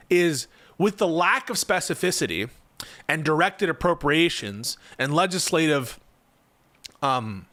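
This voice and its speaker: A man's voice: sits high, bright, forceful tone, no room sound. A young man streaming casual political commentary. He thinks aloud, answers his chat, and grows emphatic when he argues.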